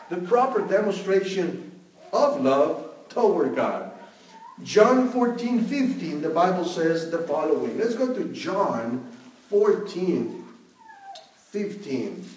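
Slow pastor in an echoey room. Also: male voice, sits high, a little mellow, distant mic, dull audio, slight background noise. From Mexico. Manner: slow, measured preaching with many "you know" fillers. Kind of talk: sermon.

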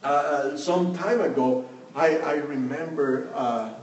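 Slow pastor in an echoey room. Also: male voice, on the high side, darkish tone, far from the mic, lo-fi sound. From Mexico. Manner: slow, measured preaching with many "you know" fillers. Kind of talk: sermon.

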